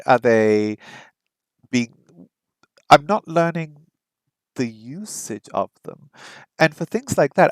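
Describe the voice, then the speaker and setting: A man talks through his thoughts in a casual vlog, questioning himself as he goes. He carefully sounds out unfamiliar phrases at a slow, practicing pace. His voice sits in an ordinary middle register and is recorded close and dry, with no room echo. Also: medium pitch, smooth. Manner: thinking aloud, musing and unsure. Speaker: vlogger learning a language.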